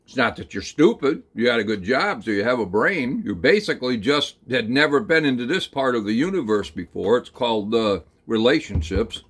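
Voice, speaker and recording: A man telling a rambling, folksy second-person story, talking slowly through it with plenty of hesitations and fillers. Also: medium pitch, expressive, fairly bright tone, slightly rough. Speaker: channel host.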